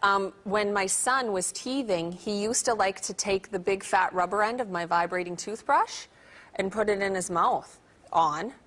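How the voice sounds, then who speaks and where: A woman's voice: mid-range voice, measured pace, a bit bright. Chatty woman hosting a talk show. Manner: chatty, rambling. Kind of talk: TV chat show.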